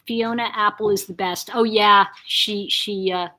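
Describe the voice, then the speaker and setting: An older woman hosting a casual live chat, reading viewer comments aloud, chatty and quick to laugh. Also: medium pitch, fairly even intonation. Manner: warm, chatty, reacts to comments, laughs often.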